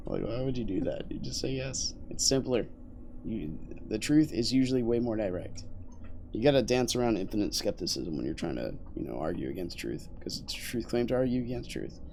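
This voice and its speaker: A man's voice: lowish voice, animated, moderate pace, gravelly, a little mellow, slight background noise. A young man chatting casually to his stream while playing, rambling and joking with viewers and teammates. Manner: rambling, jokey, talks to chat and teammates. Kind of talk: casual gameplay commentary.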